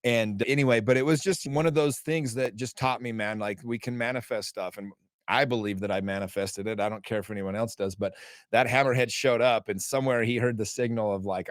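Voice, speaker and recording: A man's voice: medium pitch, fairly quick, dry recording, clean studio sound. A man who is a podcast guest, telling a story in a casual, emphatic way, swearing freely and acting out dialogue. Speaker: podcast guest, author and men's group founder. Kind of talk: animated storytelling in conversation.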